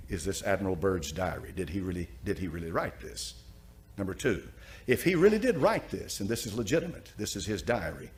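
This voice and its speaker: A man preaching and commenting on a story, emphatic and repeating phrases for effect. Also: deep voice.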